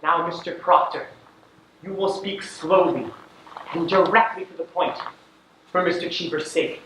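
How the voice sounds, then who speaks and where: A teenage actor on a school stage playing a stern male judge who questions in a measured, commanding way. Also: a little high, steady tone, bright, forceful tone, slight background noise. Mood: interrogating. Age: late teens. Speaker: student actor. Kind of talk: stage acting in a school play. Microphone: distant camera in the audience. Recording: echoey hall from far off.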